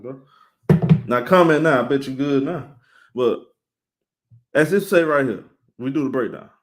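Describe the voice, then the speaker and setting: Animated man hosting a sports live stream. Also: on the high side. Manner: animated, talks straight to chat viewers, shouting them out.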